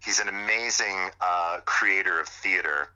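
Deep-voiced, bright enthusiastic man. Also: measured pace, smooth, dull audio. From Canada, Montreal. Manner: enthusiastic, rambling with many fillers. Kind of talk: casual chat.

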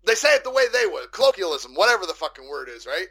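Canadian male podcast guest: raspy fry, sharp tone, crude rambling joker. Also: high voice, very animated, fast. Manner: rambling, crude joking, swearing. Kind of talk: casual podcast chat.

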